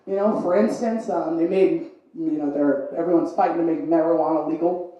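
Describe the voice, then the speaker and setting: Young female stand-up comic with a braces lisp, lively delivery, recorded in a booming echoey room. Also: a little fast. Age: young adult. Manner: animated, voices others in quotes. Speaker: stand-up comedian. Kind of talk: stand-up comedy set. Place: comedy venue with laughing audience.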